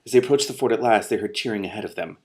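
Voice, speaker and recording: A man reading a novel aloud and breaking off for excitable, self-mocking asides. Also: lowish voice, rapid-fire, breathy edge. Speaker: book reader and commentator.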